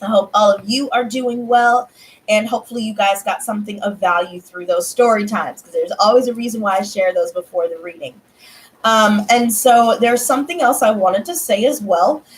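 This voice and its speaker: A woman's voice: mid-range voice, moderate pace. A woman hosting her tarot channel, chatting casually to viewers and swearing freely as she acts out conversations. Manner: animated, swears freely, acts out dialogue in bursts. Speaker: tarot reader and channel host.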